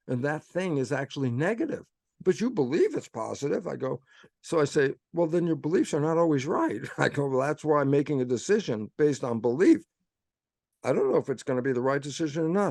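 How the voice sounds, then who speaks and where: A guest speaker explains his topic through storytelling, frequently acting out lines with "I say" and "I go" and making his case with rhetorical questions. He has a mid-range, slightly mellow male voice, with no room sound.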